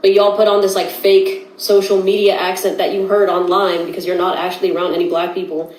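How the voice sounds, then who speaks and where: Woman, middle pitch, exasperated, sarcastic social media rant, echoey room. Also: flat delivery, fairly quick, a little mellow. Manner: exasperated, sarcastic, direct to viewers.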